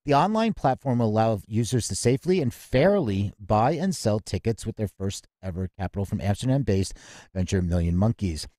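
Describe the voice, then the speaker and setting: A man's voice: lowish voice, animated, fairly quick, mellow, no room sound, clean studio sound. A man hosting a casual music industry news chat, reading headlines and then riffing loosely with plenty of fillers. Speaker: podcast host.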